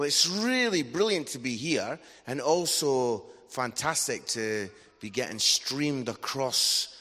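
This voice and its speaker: Chatty preacher guy, bright punchy voice, big echoey church hall. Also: mid-range voice. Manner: enthusiastic, chatty, adds "yeah?" tags. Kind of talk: sermon with personal storytelling. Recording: echoey hall with long reverb.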